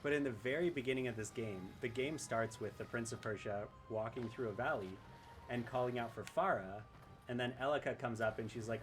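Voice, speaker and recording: A man's voice: mid-range voice, a little fast, soft background music. Chatty man streaming a game. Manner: chatty, rambling, often laughing. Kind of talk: casual gameplay commentary and reading chat aloud.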